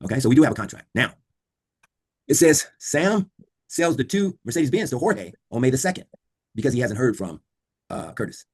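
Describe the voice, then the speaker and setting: A man lectures a law class over a video call, talking quickly in a somewhat husky voice. He quizzes his students and repeats the key points again and again. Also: mid-range voice, sing-song, darkish tone. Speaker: law instructor.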